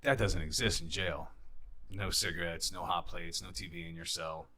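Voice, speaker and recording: A young man with a low but bright, forceful voice tells stories as a podcast guest. His talk is casual and lively, and he swears freely. He acts out the people in his stories as he goes. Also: moderate pace. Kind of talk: casual storytelling.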